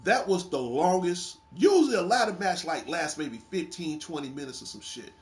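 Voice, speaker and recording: A man's voice: a little high, moderate pace. A man hosting a casual gaming chat, telling wrestling game stories with lots of laughing and swearing. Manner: animated storytelling, laughing, swearing freely. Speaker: gaming show host.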